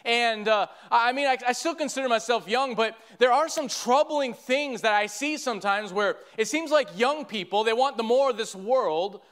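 A man's voice: very high voice, normal speed, hardly any pauses, a bit bright, clean tone. A man, preaching a sermon earnestly and often restarting his sentences. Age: 30s.

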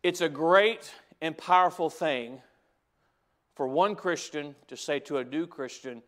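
Male preacher, high-pitched, sermon delivery, repeats lines for emphasis, soft-to-loud swings. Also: expressive, moderate pace. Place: church sanctuary.

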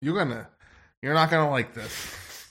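A man's voice: on the high side, a little slow, fairly bright tone. A man playing a weapons officer in an improvised sci-fi role-play, narrating his fights with bravado and laughs.

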